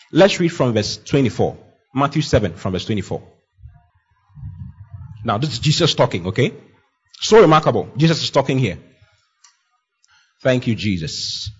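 Male preacher, husky and emphatic, with a muffled lo-fi recording. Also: mid-range voice. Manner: emphatic, repetitive declarations, swings from loud to hushed. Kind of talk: sermon. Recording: dull lo-fi sound.

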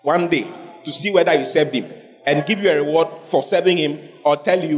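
A man preaching a lively sermon as pastor to a congregation, acting out scenes and questioning listeners directly. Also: on the high side, a little fast, soft background music. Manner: animated preaching, acting out God in a dramatic skit. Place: church hall with congregation.

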